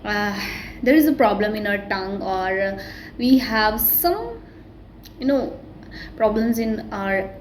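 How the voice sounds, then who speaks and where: A woman, not a native English speaker, giving a casual self-recorded pronunciation tutorial and talking quickly with many restarts. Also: mid-range voice, expressive, a little hiss or hum, poor audio. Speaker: vlogger teaching English pronunciation.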